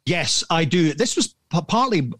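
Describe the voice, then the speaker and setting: A middle-aged man telling a rambling, animated story as a podcast guest, swearing freely and laughing at himself. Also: fairly high pitch, normal speed, dry recording. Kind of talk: casual anecdote telling.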